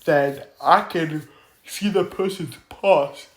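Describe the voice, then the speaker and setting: A man loosely voicing a calm, quietly cocky young male hero while retelling a story. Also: on the high side, slow pace, pitched above the performer's own voice. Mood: plain. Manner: loose, filler-filled quoting.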